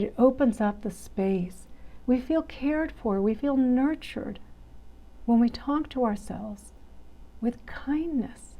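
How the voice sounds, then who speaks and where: Soft-toned woman teaching a meditation class. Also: high voice. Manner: conversational, frequent "right?" tags, soft soothing whispered asides.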